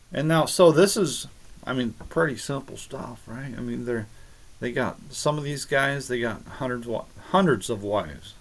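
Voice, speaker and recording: A man giving a rambling, halting monologue on scripture, arguing with critics he addresses directly. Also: mid-range voice. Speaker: religious video maker.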